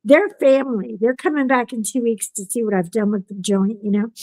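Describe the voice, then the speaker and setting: A woman podcast host telling a story in casual chat, animated and acting out what people said. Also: a little high, fairly quick, few pauses, no room sound, low-quality recording. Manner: animated storyteller who acts out quotes.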